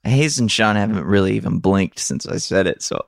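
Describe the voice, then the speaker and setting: A man's voice: on the low side, normal speed, gravelly, no room sound, clean studio sound. A man co-hosting, teasing his friends in casual comedic banter. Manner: teasing and playful.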